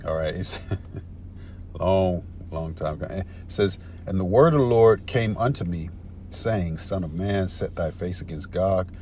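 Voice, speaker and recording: Low-voiced dude going off on bible prophecy, cussing a lot, says man and bro constantly, faint car hum in back. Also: measured pace, darkish tone. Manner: heated and profane, peppered with "man" and "bro". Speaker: street-style scripture teacher. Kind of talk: casual profane Bible teaching.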